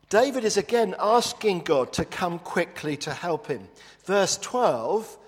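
A man's voice: sits high, long reverb tail. A male pastor preaching a sermon in an earnest, storytelling way. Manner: earnest, storytelling, hushed in prayer.

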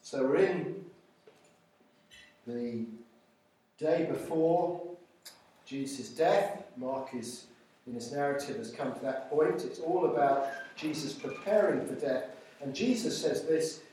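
A man preaches an informal sermon to people at their tables, reading scripture in a slow, deliberate way. His voice sits a little high for a man. It comes from a distance in a very echoey hall with faint noise behind. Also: mellow. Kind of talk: informal sermon at a church evening meal. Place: large echoey church hall.

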